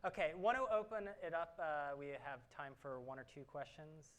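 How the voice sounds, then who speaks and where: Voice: mid-range voice, lively intonation, moderate pace. A moderator leading a question-and-answer session at a conference, upbeat and joking. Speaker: panel moderator.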